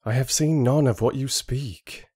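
A man's voice: mid-range voice, a little slow, darkish tone, breathy edge, no room sound, pitched above the performer's own voice. Man doing a young male hunter, guarded, terse, storybook, dry close sound.

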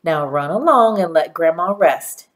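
Woman putting on folksy old grandma, slow and emphatic, a bit louder. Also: on the low side, animated. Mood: proud. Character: warm, proud elderly grandmother quilter.

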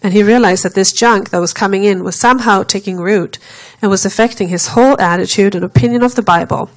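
A woman's voice: mid-range voice, fast talker, rough recording. Woman preaching a storytelling sermon. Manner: steady narrative telling, acting out quoted speech.

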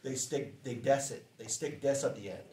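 A man teaching a class in a relaxed, chatty way, saying phrases slowly for students to repeat. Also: medium pitch, echoey room. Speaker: language teacher.

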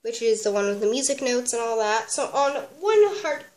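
A woman's voice: fairly high pitch, normal speed, a little mellow. A young woman with a sniffly voice chats through a craft tutorial at her home desk, rambling with lots of fillers. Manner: bubbly, rambling with many "like" and "um". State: sniffly from a cold. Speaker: craft vlogger reviewing a kit. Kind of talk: casual chatty tutorial. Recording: echoey room, faint background noise.

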